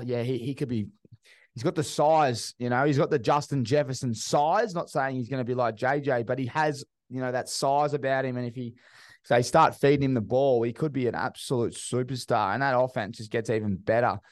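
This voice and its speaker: A man's voice: mid-range voice, dry recording, clean studio sound. An Australian man hosting a casual sports podcast, chatty and upbeat with matey banter. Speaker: podcast host.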